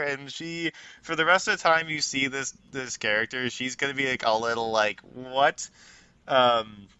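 A man's voice: mid-range voice, sharp tone, smooth, dry recording, muffled recording. A man narrating as game master of a tabletop role-playing game, casual and rambling, full of fillers.

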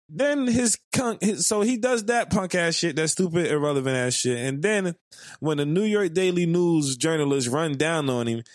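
A man co-hosting a podcast, swearing often, laughing a lot and rushing his words in casual chat. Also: on the high side, no echo, clean studio sound. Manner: profane, laughs a lot, fast bursts. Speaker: podcast co-host.

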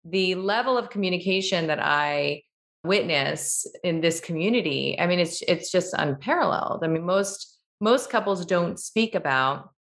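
A woman's voice: fairly low pitch, expressive, normal speed, a bit bright. A woman hosting a podcast, talking in a reflective, casual way with light laughs. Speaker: podcast host.

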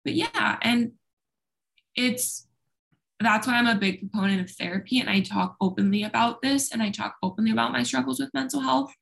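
Young woman guest talking openly, bit of vocal fry, chatty and frank. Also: on the high side, moderate pace, fairly bright tone. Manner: talkative, open, self-deprecating. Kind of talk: candid personal conversation.

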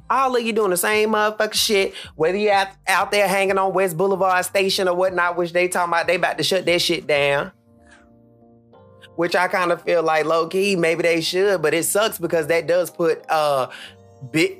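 A man in his thirties from Charlotte, North Carolina, hosting a solo podcast as a blunt, heated rant full of cursing. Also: sharp tone. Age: 30s. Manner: blunt, heated, cursing freely, swings pitch up for emphasis. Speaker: podcast host.

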